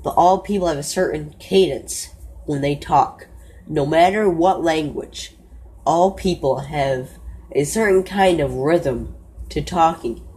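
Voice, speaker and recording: A woman narrating a first-person horror story in a slow, low-key way, often stopping to correct herself. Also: a little mellow, slightly rough.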